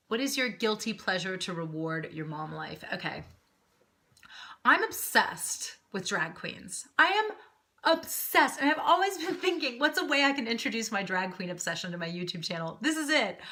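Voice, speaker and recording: A woman in her thirties chatting casually to camera as a vlogger, animated and laughing often. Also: on the low side.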